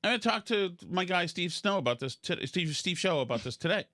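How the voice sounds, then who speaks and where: A man's voice: high-pitched, lively intonation, fairly quick, pushed and bright, dry recording, clean studio sound. A man hosting a podcast, rambling and self-deprecating in casual comedic chat, full of restarts. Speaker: podcast host.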